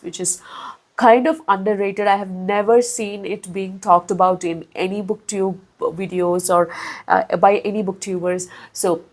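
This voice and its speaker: A woman reviewing a book in a casual vlog, talking in a chatty, expressive way with big swings in pitch and loudness. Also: low-quality recording. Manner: chatty, with frequent fillers and restarts.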